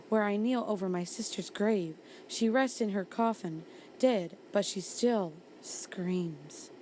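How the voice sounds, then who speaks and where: Young female makeup vlogger, mid-pitched, blunt casual delivery, reads creepy stories. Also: slight background noise. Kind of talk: telling spooky stories while doing makeup.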